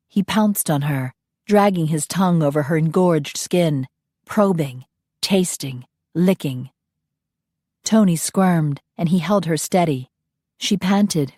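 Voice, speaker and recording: A woman narrating a romance audiobook in a steady, unhurried, intimate reading. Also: deep voice, no room sound, studio quality.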